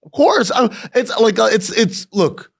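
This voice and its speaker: Male sports co-host, lively and joking, voice swoops up and down, slightly high. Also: a little slow, vocal fry. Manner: animated, joking, swings his voice high and low. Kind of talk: comedic sports chat.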